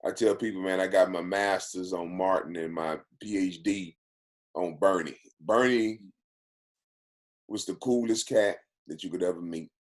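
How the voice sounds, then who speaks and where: A man from Texas, a guest on a podcast, telling stories casually in an animated way, repeating phrases for emphasis. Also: low-pitched, moderate pace. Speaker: podcast guest, actor and former football player. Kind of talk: casual storytelling.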